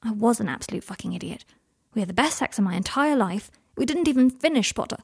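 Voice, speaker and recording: A woman voicing a proud, anxious young man who is sharp-tongued and defensive, with fierce, high-strung outbursts. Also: lively intonation, quick pace, gravelly, husky, no room sound, clean studio sound, exaggerated voice. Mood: anguished.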